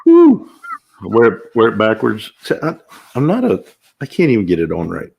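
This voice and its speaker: An older man runs a casual live chat, reading out viewer names one after another. His tone is upbeat and chatty, with sudden whoops of excitement between greetings. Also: fairly low pitch, fairly quick, vocal fry, slight background noise. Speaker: livestream host.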